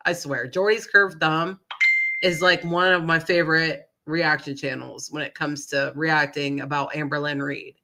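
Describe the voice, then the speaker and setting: This female streamer, nasal and recovering from a cold, speaks at a normal speed in a low, level voice with a bright, forceful edge. She rambles through gossipy live-stream chat, stopping now and then to apologize for her sniffles.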